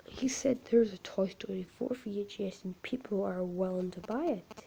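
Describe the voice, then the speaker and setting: A woman telling an amateur creepypasta story in a halting, repetitive, unpolished way. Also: medium pitch, creaky, dark tone, slight background noise.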